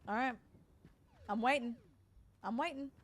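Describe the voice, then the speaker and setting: A woman's voice: a little high, a little slow. An Australian woman in her forties, streaming and chatting casually with her viewers, teasing and joking as she answers chat. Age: 40s.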